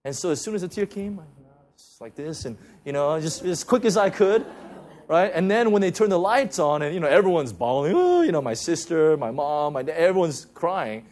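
A man preaching a sermon in a conversational style, full of "you know" fillers and repeated restarts, going soft and low when he speaks of grace. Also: big pitch swings, brisk. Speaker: pastor.

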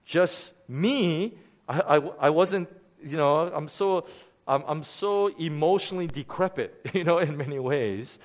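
A man's voice: on the high side, unhurried. A middle-aged man, a pastor, delivering a sermon as candid personal storytelling. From Korea. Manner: candid storytelling with lively swings.

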